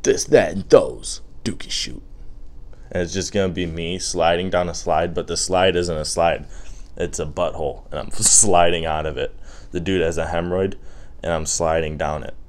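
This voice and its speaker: A man's voice: low-pitched, steady tone, normal speed, darkish tone. A young man hosting a podcast, rambling through casual chat with crude jokes and lots of fillers.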